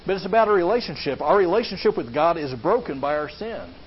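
A man's voice: on the high side, lively intonation, fast talker. A man preaching a sermon as a pastor, earnest, often asking the listeners questions. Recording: slightly dull lo-fi sound with faint background hiss.

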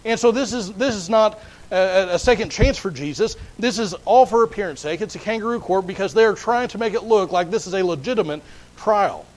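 A man's voice: high voice, a little fast, low-quality recording. A man preaching a sermon, explaining a Bible passage earnestly and often repeating words as he restarts. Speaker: pastor.

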